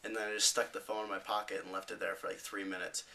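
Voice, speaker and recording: A teenage boy vlogging, casually telling a story with rambling fillers and animated retellings. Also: low voice, fast, gravelly, distant mic, rough recording.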